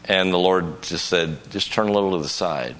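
A man's voice: sits low, moderate pace, fairly bright tone, a little hiss or hum. An older man preaching at a conference, telling a folksy personal story and breaking into emphatic bursts. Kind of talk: conference sermon.

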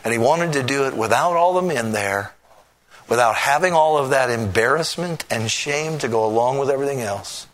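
Male preacher, bright clear voice, dramatic sermon delivery, hushed to loud. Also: medium pitch, moderate pace.

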